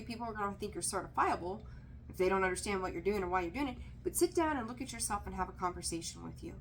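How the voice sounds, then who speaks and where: A woman's voice: mid-range voice, a little hiss or hum. A woman giving a casual tarot reading to camera, direct and emphatic, repeating her key points and dropping candid, slightly profane asides. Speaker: tarot reader.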